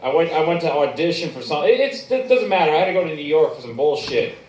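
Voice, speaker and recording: Male open-mic comic, crude rambler, raised pitch, echoey distant bar recording. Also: big pitch swings, fast talker, a little mellow, a little hiss or hum. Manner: crude rambling storytelling with restarts. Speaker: stand-up comic. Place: bar stage, echoey room.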